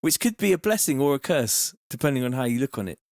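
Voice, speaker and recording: A relaxed man with a London accent talks through a live music-production stream in easy, slangy chat. His voice sits at an ordinary middle pitch. The sound is dry and close, with no room around it. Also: fast, no room sound. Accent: London English. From England. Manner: laid-back, slangy, thanks viewers warmly. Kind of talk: casual livestream chat.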